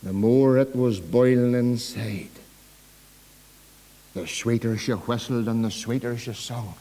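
A Northern Irish pastor preaching a sermon in a church, swinging from loud, emphatic calls to soft, low asides. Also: male voice, slow, in a large hall, rough recording.

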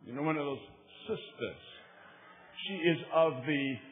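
A man's voice: on the high side, animated, measured pace. A male preacher from the United States delivering an emphatic sermon, calling on the audience to repeat phrases. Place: large church meeting. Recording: tinny phone-like live recording.

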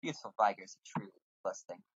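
A man's voice: fairly low pitch, lively intonation, a little fast, breathy edge, dry recording, muffled recording, voice pushed down. A man reading out a bossy male guildmaster from a role-playing game in a put-on lecturing voice.

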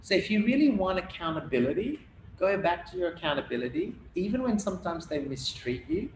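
A man's voice: high voice, big pitch swings, a little fast. A man with an Australian accent preaching a sermon as pastor, emphatic and acting out Bible dialogue, recorded in an echoey church hall. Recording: echoey hall, faint room noise.

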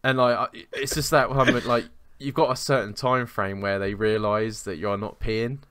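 A man's voice: on the low side, fairly even intonation, moderate pace, a bit bright, no echo, clean studio sound. A young man, co-hosting a podcast and telling rambling, sweary, self-mocking stories in casual chat. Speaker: podcast co-host.

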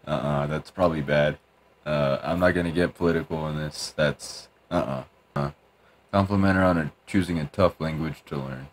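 A man's voice: rumbling low, steady tone, normal speed, slight background noise. A young man playing a game and commenting, reading the dialogue choices aloud with jokes and hesitant fillers. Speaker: gameplay commentator. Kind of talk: let's play commentary.

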